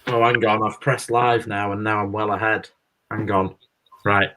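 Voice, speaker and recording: A man's voice: lowish voice, level tone, normal speed, sharp tone, slight background noise. A man co-hosting a live football watchalong, bluntly pessimistic about his team's chances. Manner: gloomy and blunt. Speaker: football fan co-host. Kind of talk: casual live watchalong chat.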